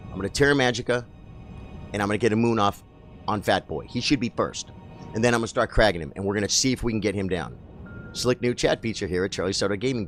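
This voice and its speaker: A man giving excitable, chatty live commentary while streaming a game and talking to his chat. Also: on the low side, a little fast, pauses often, faint music behind.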